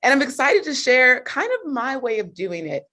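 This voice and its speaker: A woman's voice: sits high, big pitch swings, normal speed, sharp tone. Upbeat chatty woman coach. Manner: upbeat, chatty, laughs often. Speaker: personal growth coach. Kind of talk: live coaching call.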